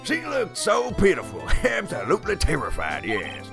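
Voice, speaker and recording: A man puts on a high, leering Southern twang for a creepy fake hospital director who lingers on every word. The pitch leaps around wildly, with a gravelly edge, over game music. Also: wildly swooping pitch, heavily acted. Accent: Southern US twang, put on. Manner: creepy, drawn-out "hmm, yes", giggling. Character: leering lecherous male impostor clinic director. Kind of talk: video game let's play voice acting.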